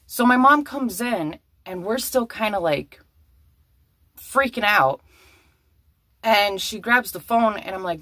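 A young adult woman telling a story to camera in a vlog, excitable and breathless, with many exclamations. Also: mid-range voice, a little slow, no room sound, studio quality.

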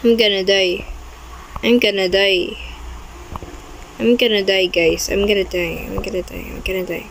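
A woman's voice: medium pitch, fairly even intonation, moderate pace, long pauses, fairly bright tone, slight background noise, poor audio. A young woman commenting on her own gameplay, easily startled, with frequent exclamations and non-native English grammar. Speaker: gaming video creator.

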